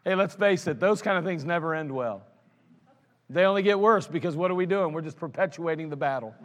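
A pastor preaches a sermon in a church sanctuary, blunt and scolding, tossing in mocking asides. His voice is fairly high and a bit bright, his pace brisk, and the sanctuary's long hall reverb fills the recording.

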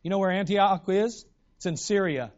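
A man preaching a sermon in an animated way, acting out the voices in the stories he retells. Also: high voice, moderate pace, highs cut off.

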